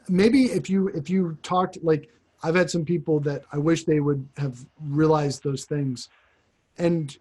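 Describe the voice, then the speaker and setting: Male priest host; halting, thinking-aloud conversational delivery, slightly raised pitch. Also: darkish tone, husky. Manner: halting, repeats words as he thinks. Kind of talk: casual conversation.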